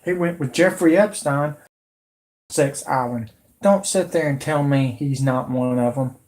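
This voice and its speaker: A man's voice: mid-range voice, a little slow, a little mellow. A man in his late thirties hosting his own channel, delivering a heated, repetitive, confrontational political rant. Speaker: channel host.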